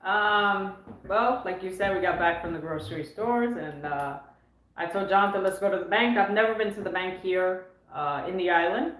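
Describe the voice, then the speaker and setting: Animated woman telling a story, echoey room. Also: medium pitch, normal speed. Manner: animated, acts out quoted voices. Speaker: co-host of a tennis channel. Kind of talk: casual storytelling.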